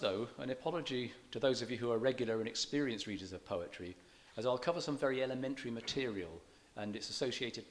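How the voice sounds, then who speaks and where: Man, lecturer, lowish voice, measured delivery, dry humour, public talk. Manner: measured, explanatory, with dry self-deprecating humour. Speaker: lecturer on poetry. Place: church event.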